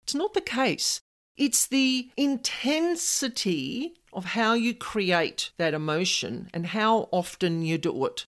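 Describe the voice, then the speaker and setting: A woman's voice: medium pitch, animated, slow pace. A woman in her fifties giving earnest, conversational spiritual advice straight to her listeners. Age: 50s. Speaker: spiritual advisor. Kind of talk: direct-to-camera advice talk.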